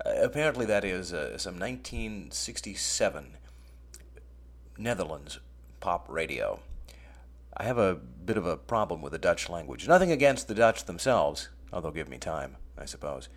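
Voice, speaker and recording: Deep-voiced wry American man hosting. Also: very animated, fairly quick, hardly any pauses. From United States. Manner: dry, sardonic asides. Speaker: radio show host. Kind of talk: scripted comic radio monologue.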